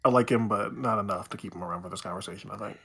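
Fast-talking husky man. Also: lowish voice, a bit bright. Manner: stammering restarts before giving his pick. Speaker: podcast panelist. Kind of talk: casual chat.

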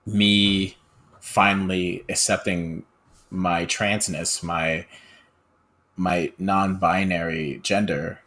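A podcast speaker in casual conversation, talking in a halting, reflective way with frequent "you know". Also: male voice, deep voice, level tone, fairly bright tone.

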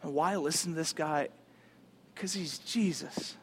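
A male pastor preaching a sermon in an animated, casual, conversational way, using slang. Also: a little high, measured pace, slight background noise.

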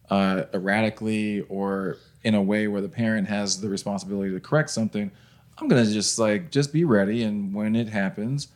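A man co-hosting a casual parenting podcast, chatty, laughing often and restarting his sentences. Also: on the low side. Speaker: podcast co-host. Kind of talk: casual chat.

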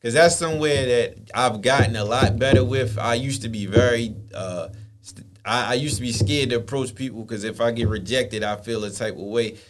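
A man's voice: mid-range voice, normal speed, a little hiss or hum. A young man hosting a podcast in casual, slangy chat, laughing often. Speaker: podcast host.

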